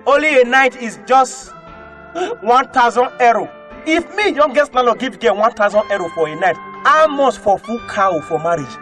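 A male comedian with a Nigerian Pidgin English accent, telling animated comic stories and often breaking into shouted put-on voices. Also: very high-pitched. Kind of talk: stand-up comedy storytelling. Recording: faint music behind.

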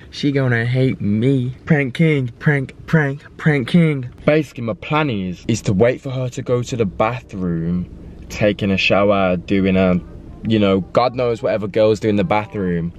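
A young man talks straight to camera in an excitable, chatty way, his slight lisp catching on some sounds. He hypes his prank plans and begs viewers to subscribe in a fast, informal vlogger patter. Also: fairly low pitch. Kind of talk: casual vlog talk to camera.

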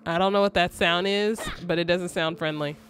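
A woman's voice: on the low side, fairly even intonation, moderate pace, a bit bright, soft background music. A young woman streamer giving joking, slangy commentary while playing a game. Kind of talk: casual gameplay commentary.

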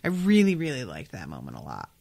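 A woman with a low voice hosts a casual book podcast. She muses out loud, trailing off and restarting with frequent fillers as she works through her thoughts. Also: huge pitch swings, fast, creaky, husky. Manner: musing, filler-heavy, thinks out loud. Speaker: podcast host. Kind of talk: casual book discussion and reading aloud.

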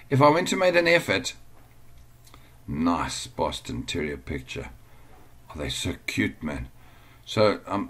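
A man with a low-pitched voice talks through a casual screen-share tutorial at home. He rambles and goes off on tangents. He sounds easily amused as he teaches. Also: a bit bright. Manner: chatty, digressive, easily amused. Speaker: online business trainer.

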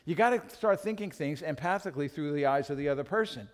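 A man preaching a sermon as pastor, animated and acting out little scenes as he teaches. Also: on the high side, fast talker. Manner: animated, acts out quotes in other voices. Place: church. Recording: long reverb of a church hall.

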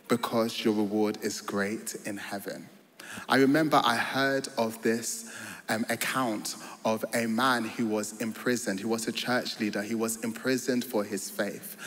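Earnest male preacher in a reverberant hall. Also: lowish voice. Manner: earnest, storytelling, rises to joyful emphasis. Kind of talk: sermon. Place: large church hall.

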